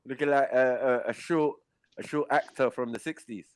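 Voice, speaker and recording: A man's voice: mid-range voice, fairly even intonation, moderate pace. A man chatting on a live call-in panel, laughing and using slang. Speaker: panel guest. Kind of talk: casual chat on a live call.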